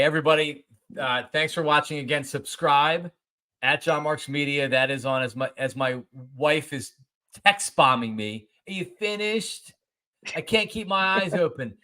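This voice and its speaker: Male podcast host, bright tone, casual and upbeat. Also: mid-range voice. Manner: chatty, upbeat sign-off plugs. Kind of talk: casual chat.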